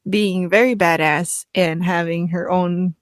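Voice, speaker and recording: A woman's voice: on the low side, fairly even intonation, measured pace, smooth, no echo, clean studio sound. Playful, giggly woman on a podcast. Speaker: podcast co-host. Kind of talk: casual book discussion. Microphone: studio mic.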